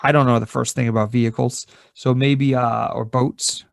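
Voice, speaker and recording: A man's voice: medium pitch, flat delivery, normal speed, gravelly, no echo, clean studio sound. A man co-hosting a podcast, describing his moves in a tabletop role-play in an easygoing, tentative way. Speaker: podcast co-host and player.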